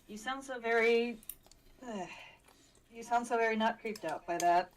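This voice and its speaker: A woman at a tabletop game who teases the others with dry sarcasm. Her voice is on the high side. She talks in casual chat. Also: normal speed, a little hiss or hum, rough recording. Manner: sarcastic, teasing. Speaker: player.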